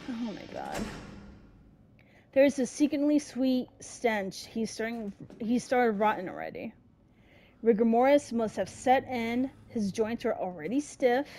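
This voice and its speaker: A woman's voice: fairly high pitch, darkish tone. A woman giving casual horror game commentary, grumbling to her viewers and swearing often, with sudden screaming outbursts. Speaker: let's-play gamer.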